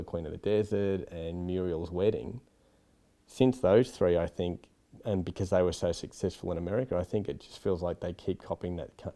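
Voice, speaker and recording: Australian man, deep voice, mellow tone, candid interview talk, loose and rambling. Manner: rambling, frank, lots of "you know". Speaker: film director.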